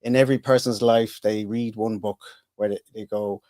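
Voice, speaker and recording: A man's voice: on the low side, steady tone, normal speed, a little mellow, dry recording. A middle-aged Irish man chatting as a podcast guest, rambling and self-interrupting with dry humour. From Ireland. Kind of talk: casual interview chat.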